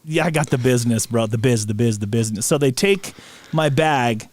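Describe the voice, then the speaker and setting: Animated man telling a story, laughing. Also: medium pitch, brisk, no room sound. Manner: animated anecdote teller, laughs mid-sentence. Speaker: podcast co-host. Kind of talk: casual storytelling chat.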